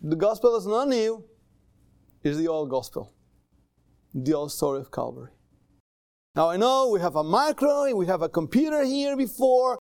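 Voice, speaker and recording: A male pastor preaching a sermon in a church in accented English with small grammar slips, conversational and animated. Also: high voice, normal speed, pauses often, dry recording, studio quality. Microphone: livestream camera mic.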